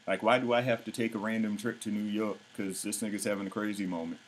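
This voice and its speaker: Low-voiced man ranting bluntly. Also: fairly even intonation, quick pace, slight background noise, low-quality recording. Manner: blunt, profane, mocking. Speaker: vlog host. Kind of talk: casual ranting commentary.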